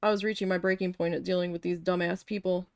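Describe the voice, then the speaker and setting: A woman's voice: on the low side, flat delivery, fast, dry recording. A woman chatting casually while she paints, telling a long, candid, profane story with rambling self-corrections. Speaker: art vlogger recalling a retail cashier job.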